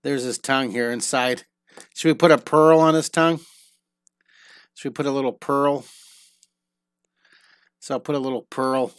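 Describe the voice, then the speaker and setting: A man's voice: mid-range voice, fairly even intonation, normal speed, long pauses, smooth, no room sound, clean studio sound. A middle-aged man teaching a live online drawing lesson, upbeat and encouraging, thinking aloud with frequent restarts.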